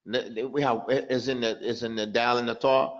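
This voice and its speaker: A man teaching a live online pronunciation lesson, repeating example words and asking his students quick questions. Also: medium pitch, steady tone, muffled recording. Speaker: tajweed teacher.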